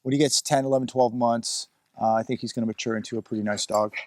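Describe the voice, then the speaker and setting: A man's voice: mid-range voice, fairly even intonation, fast talker, a little mellow, dry recording. A man vlogging outdoors on a rural ranch, rambling bluntly and breaking off to scold his dog. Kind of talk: casual outdoor commentary. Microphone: phone or camera he adjusts himself.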